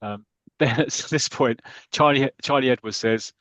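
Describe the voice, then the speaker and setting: A man from Britain, a podcast co-host, retelling a comic story in animated casual chat with quick asides. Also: medium pitch, no echo.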